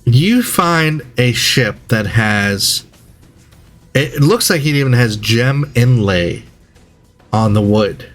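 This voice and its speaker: Unhurried male game master narrating. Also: mid-range voice, lively intonation, a bit bright, soft background music. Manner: measured, descriptive narration.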